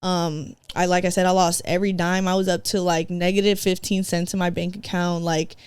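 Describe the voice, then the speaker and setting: A woman's voice: fairly low pitch, flat delivery, brisk, darkish tone, clean tone, no room sound. A woman from San Diego, a podcast guest, telling her own story in a slangy, casual way that is full of "like" and "bro". She acts out her past self and slips in Spanish phrases. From San Diego, California.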